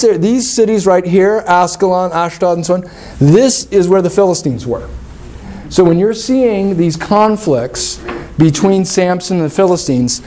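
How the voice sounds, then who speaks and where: Male lecturer, high voice, casual and conversational, keeps asking "okay?". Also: dark tone. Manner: conversational, checks in with "okay?" often. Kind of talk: classroom lecture.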